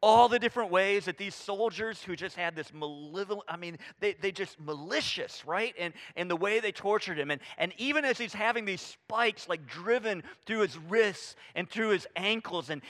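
A high-voiced male pastor delivers an animated sermon, swinging from loud emphasis to a hushed near-whisper. He acts out quoted voices and uses casual fillers like "I mean" and "right?".

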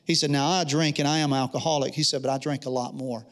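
A man's voice: mid-range voice, steady tone, fast. A man preaching a sermon, telling a personal story in an earnest way and acting out the dialogue. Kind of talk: sermon testimony.

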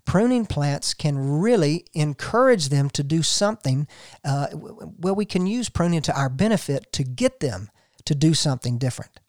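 A man's voice: on the high side, expressive, normal speed, a little mellow, dry recording, clean studio sound. A man hosting a gardening show, talking folksy and casual and telling a story to listeners he calls folks.

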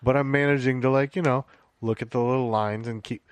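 A man's voice: mid-range voice, steady tone, brisk, clear, resonant tone. A man co-hosting a casual podcast, telling stories in a laid-back way and swearing often. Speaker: podcast co-host.

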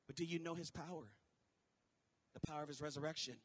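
A man preaching as a pastor, animated, with shouted peaks and quick quoted asides. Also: a little high. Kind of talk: sermon. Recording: long hall reverb.

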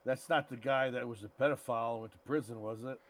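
A man's voice: medium pitch, steady tone, quick pace, no echo. Male podcast co-host, casual blunt banter, irreverent. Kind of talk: casual chat.

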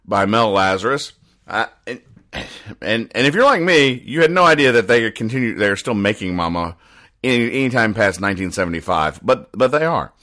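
Male comedy host, low voice, deadpan and rambling, mock-serious explainer of comic strips. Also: moderate pace. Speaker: podcast host.

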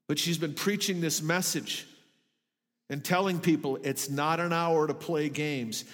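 A man's voice: a little high, fairly even intonation, moderate pace, fairly bright tone, in a large hall. A middle-aged man preaching a sermon in a church, earnest and emphatic. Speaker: pastor. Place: church sanctuary.

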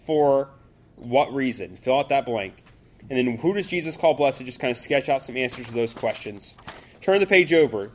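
Man leading a relaxed Bible class. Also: mid-range voice, moderate pace, slight background noise. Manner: loose, conversational, with fillers and restarts.

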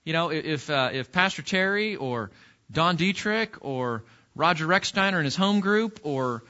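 A man's voice: a little high, lively intonation, normal speed, pushed and bright, muffled recording. A man teaching an interactive Bible study lesson in a church classroom, putting questions to the class and often restarting his sentences. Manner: conversational, asks the class questions, frequent restarts.

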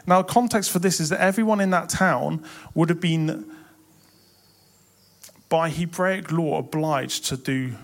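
Impassioned male preacher, slightly high voice. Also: unhurried. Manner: impassioned, builds to emphatic swells. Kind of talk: sermon.

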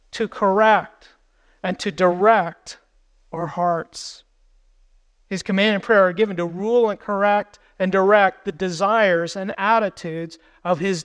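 A man's voice: high voice, clean tone. A man preaching a sermon as pastor, earnest and building emphasis through repeated phrases.

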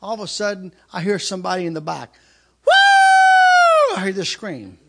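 A man preaching a sermon, telling a story with shouted outbursts and laughter. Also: high-pitched, animated, fast talker, vocal fry, heavy background noise.

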